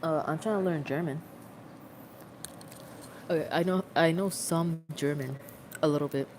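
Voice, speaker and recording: A woman's voice: deep voice, normal speed, darkish tone, slight background noise. A young adult woman rambling in a casual, self-mocking livestream chat, recorded on a phone.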